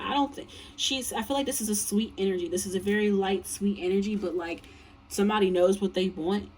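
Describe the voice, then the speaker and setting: A woman's voice: medium pitch, breathy edge, far from the mic. A tired woman giving a casual tarot reading, blunt and profane, rambling with lots of fillers. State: tired, yawning. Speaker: tarot reader.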